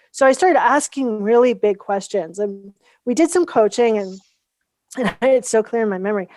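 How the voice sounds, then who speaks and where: Lively woman telling a story on a dry call. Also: a little high, normal speed, no echo. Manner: animated storyteller acting out quoted dialogue. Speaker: guest, founder of a coaching method. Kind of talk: casual storytelling interview.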